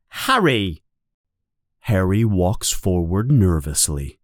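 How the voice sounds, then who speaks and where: Expressive man reading a storybook. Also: no echo, clean studio sound. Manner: expressive, with high shouted character calls. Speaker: narrator.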